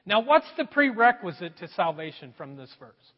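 Middle-aged male pastor, high, lively delivery, husky edge, dull echoey hall sound. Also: moderate pace. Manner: animated, swings between loud emphasis and quiet asides. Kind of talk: sermon.

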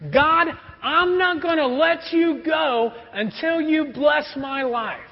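A man voicing a desperate man clinging on in passionate prayer, pitched high and loud with intensity. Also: takes it slowly, exaggerated voice. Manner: pleading, intense, raised voice. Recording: dull recording with long hall reverb.

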